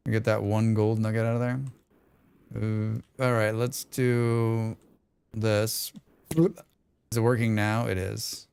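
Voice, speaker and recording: Smooth-voiced man streaming a game. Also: on the low side, level tone, slow, long pauses, a little mellow. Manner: rambling, swears freely, talks to himself and chat. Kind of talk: casual live-stream chat while playing.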